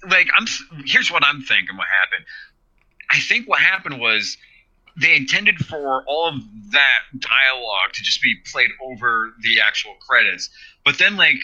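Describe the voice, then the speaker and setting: A man's voice: mid-range voice, bright, forceful tone, low-quality recording. A man co-hosting a podcast, rambling and sarcastic as he riffs on a cheesy special, laughing often. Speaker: podcast co-host. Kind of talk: casual riffing commentary.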